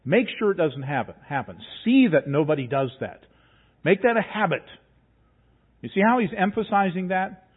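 A man's voice: high voice, husky. Man preaching, tinny phone-like sound. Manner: conversational, emphatic, reads scripture aloud. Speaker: pastor. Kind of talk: sermon.

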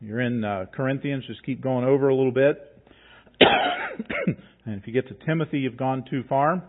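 A man's voice: medium pitch, moderate pace. Man preaching, tinny phone-like sound. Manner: conversational, emphatic, reads scripture aloud. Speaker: pastor. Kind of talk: sermon.

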